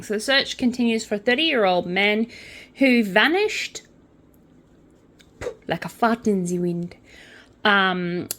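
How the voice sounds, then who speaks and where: A young woman hosting a casual crochet and true-crime channel, reading news items aloud and adding chatty asides. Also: mid-range voice. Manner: chatty, with asides and quiet counting under her breath.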